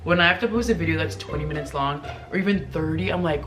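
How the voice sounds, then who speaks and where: A woman vlogger reads viewer confessions in casual chat, her low voice fast, chatty, and full of "like," with big upward swoops. The recording is reverberant and has background noise.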